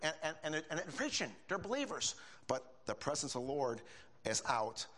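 An older man preaching a sermon in a folksy, animated way, with emphatic high bursts and casual asides. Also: normal speed.

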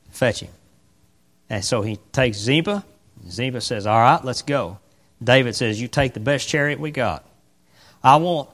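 A man's voice: fairly high pitch, fairly bright tone. A man preaching a sermon, telling a story and acting out the characters' voices.

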